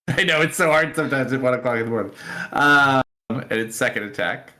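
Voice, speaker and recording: A man's voice: medium pitch, fairly quick. A man running a live tabletop game as dungeon master. He narrates, voices clanking sound effects, and talks rules with the players. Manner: animated, making sound effects for the monsters.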